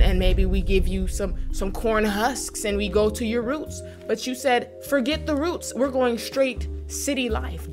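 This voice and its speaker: A woman's voice: mid-range voice, natural voice. A woman doing a haughty accented fashion diva. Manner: haughty, in a put-on foreign accent. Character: boastful self-proclaimed woman fashion stylist, broken English. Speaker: vlogger. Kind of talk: comedic persona sketch.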